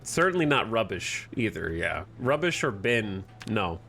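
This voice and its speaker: A man from the United States giving casual, animated commentary as he streams a game and argues with his chat. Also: lowish voice, measured pace, vocal fry, faint music behind. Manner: animated, argumentative, thinks aloud.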